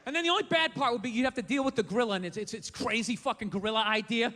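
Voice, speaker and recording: This male comic talks in a very high, bright, forceful rapid-fire delivery as he acts out characters during a foul-mouthed, ranting stand-up set before a crowd. The venue recording carries a long reverb tail and a little background noise.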